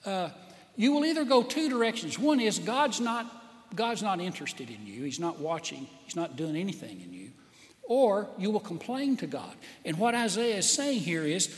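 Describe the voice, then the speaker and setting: A man preaching a sermon in a high, animated voice that swoops around as he acts out little quoted lines. He takes his time, and long reverb trails after his words. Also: moderate pace. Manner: lively, with acted-out quotes and small laughs. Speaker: pastor.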